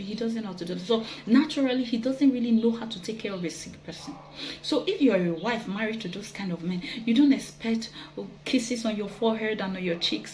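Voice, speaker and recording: A woman talks earnestly and gently, giving advice to wives. Her pitch sits in a middle range. A faint hiss runs under the recording. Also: normal speed, poor audio. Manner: gentle, earnest, with soft laughs and quoted asides. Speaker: relationship teacher.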